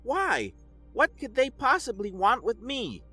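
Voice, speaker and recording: Brief: a man putting on a defiant young woman abductee in a sci-fi audiobook; raised, lively delivery. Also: very high-pitched, unhurried, husky, soft background music, voice pushed up, exaggerated voice. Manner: urgent, defiant. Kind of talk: audiobook narration.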